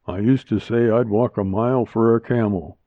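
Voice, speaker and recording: A man's voice: lowish voice, fairly even intonation, moderate pace, no room sound, natural voice. A man doing a wry wisecracking man. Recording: tinny phone-like dry sound.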